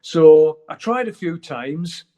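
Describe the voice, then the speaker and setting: A man's voice: a little high, lively intonation, slow, warm tone. A middle-aged man, chatting candidly as an interview guest and swearing freely as he rambles. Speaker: guest musician. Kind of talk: casual interview chat.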